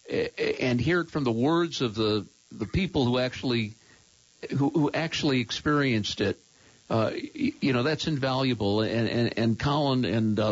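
An older man who hosts a call-in radio show, talking in halting phrases with many restarts. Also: mid-range voice, no echo, dull audio.

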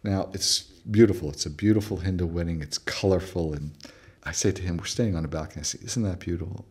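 A man's voice: deep voice, a little fast, a little mellow, husky. A man being interviewed, telling anecdotes with frequent fillers and acting out quoted dialogue. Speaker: interview guest, researcher. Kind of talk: conversational storytelling interview.

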